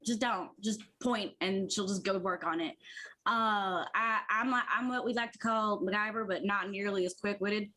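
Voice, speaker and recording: A woman's voice: medium pitch, normal speed, sharp tone. A woman voicing an anxious young female mechanic with a put-on Southern American drawl. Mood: folksy. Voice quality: drawling twang.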